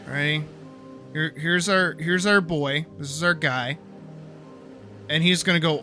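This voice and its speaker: A man streaming live, talking casually and getting wildly animated, swearing freely as he demonstrates his art. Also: fairly high pitch, a little slow, faint music behind. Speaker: streamer and artist.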